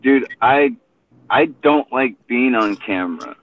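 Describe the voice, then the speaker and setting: A man's voice: mid-range voice, expressive, takes it slowly, fairly bright tone. A man hosting a casual chat from his car between rideshare pickups, laid-back and rambling, saying dude a lot. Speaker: host and rideshare driver. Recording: tinny phone-line audio.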